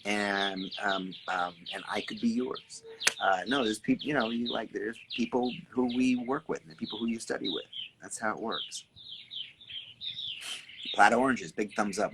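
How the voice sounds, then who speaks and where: A man hosting a casual live stream outdoors, reading viewer comments, greeting people by name and talking in an animated, repetitive way with some swearing. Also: on the low side, moderate pace, background noise. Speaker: artist and creative coach hosting a live stream. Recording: birds chirping clearly in the background.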